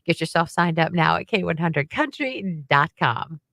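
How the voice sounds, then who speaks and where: A woman's voice: deep voice, expressive, moderate pace, creaky, fairly bright tone, dry recording, studio quality. A woman co-hosting a casual live radio chat, reacting as a sympathetic listener with short exclamations. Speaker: radio show co-host.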